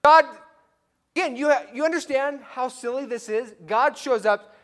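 A man's voice: very high voice, a little slow, fairly bright tone. A male pastor preaching a conversational, story-driven sermon to his church. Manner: conversational, storytelling with acted-out quotes.

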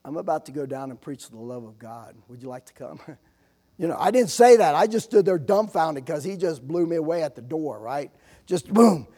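Gravelly-voiced male preacher. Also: a little high, expressive, normal speed, dark tone. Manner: conversational preaching with frequent "amen?" asides and acted anecdotes. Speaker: visiting missionary preacher. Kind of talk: sermon.

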